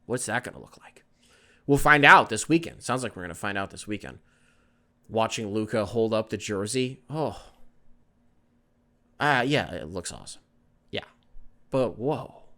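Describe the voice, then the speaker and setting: A man hosting a solo sports podcast, ranting in an animated, exasperated way and swearing freely. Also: fairly low pitch, moderate pace, pauses often. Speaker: podcast host.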